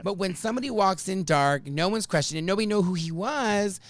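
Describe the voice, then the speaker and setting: A podcast host telling a story in casual chat, animated and swearing often, acting out what people said. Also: male voice, high-pitched, fairly quick, no echo.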